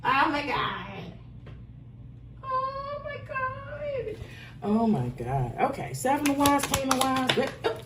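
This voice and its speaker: Woman, tarot reader, candid and profane, unhurried, faint noise behind. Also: wildly swooping pitch. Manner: candid and profane, swinging from loud outbursts to low muttering. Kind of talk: casual tarot reading.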